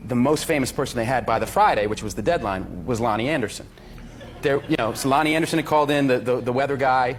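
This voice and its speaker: A man's voice: medium pitch, quick pace, over music. A man telling a chatty, self-mocking story on a talk show.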